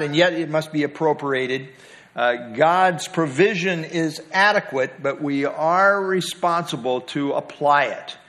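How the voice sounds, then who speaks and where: A man leads a small-group Bible study in a relaxed, conversational way. His voice sits a little higher than most men's, and he uses many filler words while leaning hard on key words.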